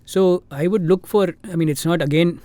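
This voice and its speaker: A man's voice: high-pitched, moderate pace, mellow, no echo. A man with an Indian English accent, a fund manager answering interview questions in a thoughtful way, with many fillers and restarts.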